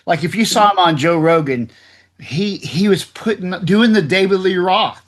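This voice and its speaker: A man's voice: high voice, normal speed, a bit bright. A man hosting an interview, chatting casually and affirming his guest. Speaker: podcast host.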